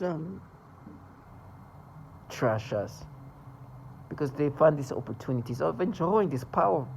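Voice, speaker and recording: Speaking directly to the camera, a vlogger launches into a raw, agitated rant in a middle pitch, veering between loud outbursts and low mutters and swearing heavily. The audio is poor, with faint noise underneath.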